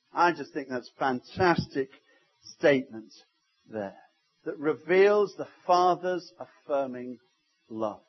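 A man preaching a sermon in a church service, telling stories and swinging between loud passages and hushed ones. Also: a little high, sing-song, a little slow, slightly rough, lo-fi sound. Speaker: pastor.

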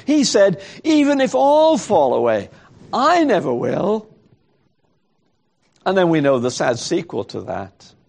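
A man's voice: a little high, creaky, darkish tone. A man preaching a sermon in a reflective way, thinking aloud and asking rhetorical questions.

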